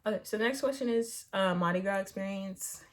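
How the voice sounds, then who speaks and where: A woman's voice: mid-range voice, a little fast, a little hiss or hum. A young woman chatting casually on her vlog, answering viewer questions in a rambling way with lots of filler words. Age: young adult. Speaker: YouTuber answering Q&A. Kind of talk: casual chat.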